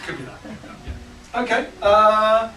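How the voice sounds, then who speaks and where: A man leading a songwriting workshop for a small group, talking in a relaxed, halting way with plenty of ums and restarts. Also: sits high, distant mic, crowd noise. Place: large hall with a small group. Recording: echoey room, picked up from afar, noisy.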